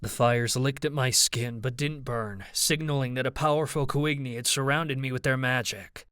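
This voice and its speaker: A man narrating an audiobook in the first person, with a steady, even storytelling delivery. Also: mid-range voice, moderate pace, clean tone, dry recording, studio quality.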